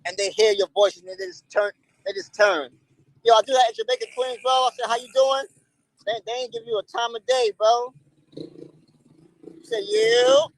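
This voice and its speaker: A man's voice: sits high, steady tone, brisk, long pauses, no echo, rough recording. A man, chatting casually and playfully on a livestream in heavy slang. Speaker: streamer.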